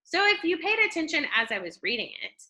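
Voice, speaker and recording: High, lively woman teacher. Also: brisk. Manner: explanatory, checks in with "okay?" and "right?"; expressive, shifts tone to model reading. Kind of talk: classroom reading lesson.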